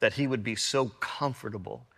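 A man preaching a sermon as pastor, swinging from loud, high storytelling to quiet, reflective questions. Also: normal speed, gravelly, big-room sound. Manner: animated storytelling, rising loud and high in anecdotes, dropping soft for reflection.

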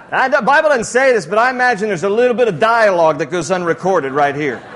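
Male pastor with a high voice, animated, jokey sermon delivery. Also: a little hiss or hum. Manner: animated, jokey preaching with frequent laughs.

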